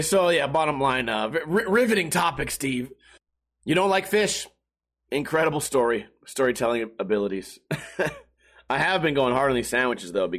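A man's voice: medium pitch, a bit bright. A young man, a live streamer, talking in a rambling, profane, self-mocking casual monologue.

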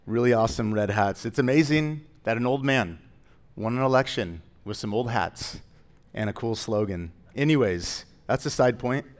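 A man's voice: mid-range voice, moderate pace. A man pastor preaching a sermon in a conversational way, with joking asides that rise into emphatic declarations.

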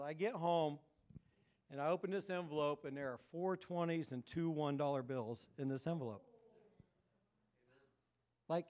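Male pastor, relaxed conversational sermon style, clear and smooth. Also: on the high side. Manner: conversational, joking, asks the crowd "right?". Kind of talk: casual sermon.

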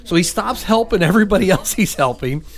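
Laughing storytelling radio host. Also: male voice, high voice, lively intonation, fast. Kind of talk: storytelling banter.

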